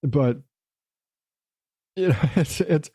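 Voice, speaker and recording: A man's voice: fairly high pitch, drawn-out words, mellow, slightly rough, no echo, studio quality. A middle-aged man hosting a solo podcast, rambling and self-deprecating, swearing casually and dropping into silly voices now and then. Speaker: podcast host.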